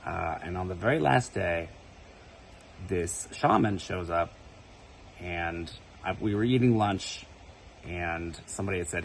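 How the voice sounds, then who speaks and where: Man, gravelly voice, lowish pitch, casual first-person story, conversational, keeps asking "right?". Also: expressive, measured pace, slight background noise, rough recording. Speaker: spiritual video creator.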